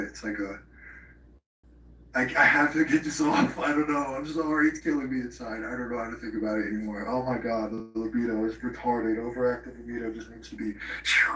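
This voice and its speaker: A man's voice: mid-range voice, a bit bright, slight background noise. A man hosting a live stream, rambling in profane casual chat and slipping into mock impressions. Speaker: livestream host. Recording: roomy, distant from the mic.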